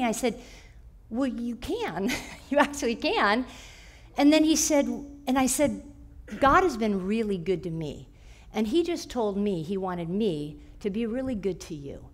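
A woman's voice: on the high side, lively intonation, a little slow. A woman telling a personal story in a conversational way at church, quoting voices as she goes. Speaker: church speaker.

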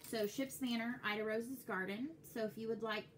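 A young woman with a Texas accent, chatting casually and excitedly to her viewers as a cross-stitch vlogger. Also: fairly high pitch, normal speed, a little hiss or hum. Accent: Texan. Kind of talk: casual chat to camera.

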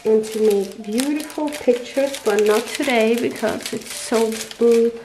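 Slow-talking woman, gushing and teary. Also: on the high side, noisy background. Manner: gushing, searching for English words. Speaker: papercraft vlogger. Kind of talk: casual unboxing chat. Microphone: tablet microphone.

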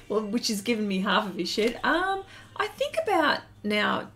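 A woman's voice: on the high side, very animated, normal speed, a bit bright, soft background music. A middle-aged Australian woman chatting casually while drawing on a live stream, laughing often and reading chat messages aloud. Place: home studio shed.

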